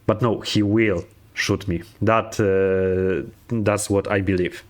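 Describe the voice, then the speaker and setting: A man's voice: on the low side, fairly even intonation, takes it slowly. A man playing a video game and commenting casually, thinking aloud, swearing and chuckling at himself. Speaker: let's play gamer.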